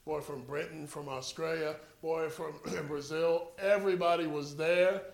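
A high-voiced man preaching a sermon, drawing his listeners in with a story. He moves from quiet, low narration to loud, urgent exhortation. The sound carries the echo of a large room. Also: steady tone, unhurried.

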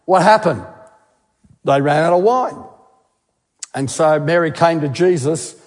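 A man with a fairly high voice delivers a sermon. He speaks with emphasis, posing questions and repeating words to drive them home. His voice carries a long reverb, as if in a large hall. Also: a little slow. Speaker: guest speaker, geologist.

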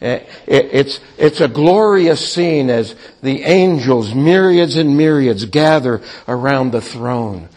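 A man preaching a sermon slowly and deliberately, with frequent hesitant pauses. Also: medium pitch, expressive, a little mellow. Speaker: pastor.

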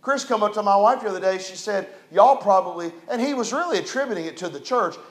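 A pastor with a notably high voice delivers a sermon, dropping to quiet storytelling and then swelling into loud, emphatic declarations. The sound carries the roomy echo of a church hall. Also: male voice, expressive, quick pace. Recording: echoey church room.

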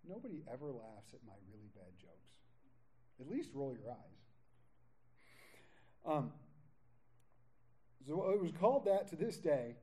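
An unhurried man with a mid-range voice pauses often while teaching a Bible study verse by verse, reading scripture and adding lively jokes and casual paraphrase in between. The low-quality recording has a little hiss or hum.

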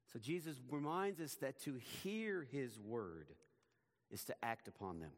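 Preaching man in a reverberant hall. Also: fairly high pitch. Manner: measured, emphatic preaching with dropping phrase endings. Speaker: pastor. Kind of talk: sermon.

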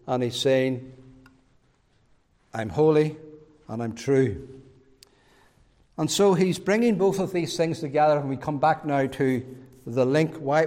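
A man's voice: fairly high pitch, darkish tone. A man preaching a sermon as pastor, emphatic, with rising swells and many repetitions. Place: church. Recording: long church reverb.

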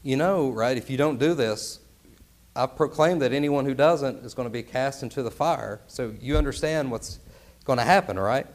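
A man's voice: mid-range voice, moderate pace, lightly acted. A preacher voicing a stern, demanding king. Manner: demanding, interrogating. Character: stern, powerful ancient male king.

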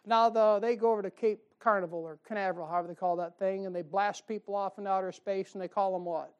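Woman, preacher, Bible-study sermon, conversational, rhetorical questions, slow louder scripture reading. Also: medium pitch. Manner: reads scripture slowly and louder.

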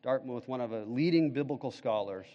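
A man's voice: mid-range voice, lively intonation, a little fast, long reverb tail, dull audio. A male pastor preaching a sermon, emphatic, putting questions to the congregation.

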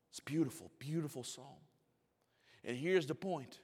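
A man's voice: medium pitch, lively intonation, unhurried, long pauses, husky. Man preaching in a reverberant hall. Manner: swings from hushed, near-whispered storytelling to loud, rising emphatic preaching. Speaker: pastor. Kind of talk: sermon.

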